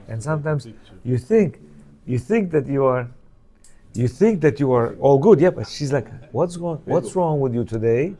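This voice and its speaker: A man with a fairly high-pitched, dark-toned voice teaches a Torah class for men. He reads from a book and explains it in a conversational, chatty way, repeatedly asking his listeners whether they follow.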